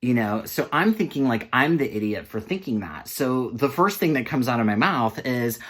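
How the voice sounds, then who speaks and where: Man, sassy storyteller, animated, mid-pitched voice, laughs a lot. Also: normal speed, hardly any pauses. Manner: sassy, animated, calls listeners honey and girl. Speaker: vlogger telling a story. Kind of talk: casual storytelling to camera.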